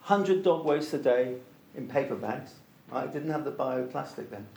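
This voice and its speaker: A man's voice: mid-range voice, expressive, normal speed, creaky, mellow. Emphatic man in a roomy space. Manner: emphatic, repeats key points for stress. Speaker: interviewee, organic soil product promoter. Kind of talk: anecdotal storytelling in conversation.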